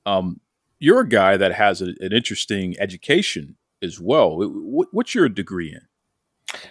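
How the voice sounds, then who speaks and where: Man, podcast host, lowish voice, dry close sound, upbeat, playful questions. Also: very animated, a little slow, dry recording. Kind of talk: interview.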